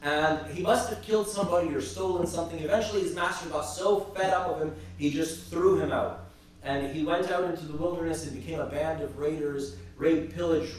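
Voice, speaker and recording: A man teaching a church class and retelling saints' stories, halting and repeating words as he goes. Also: a little high. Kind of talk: storytelling religious class talk. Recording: very echoey church from a distance.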